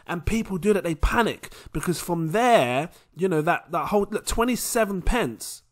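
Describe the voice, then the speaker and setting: A young man hosting a casual crypto vlog, animated and laughing often. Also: sits high, moderate pace. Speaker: crypto video host.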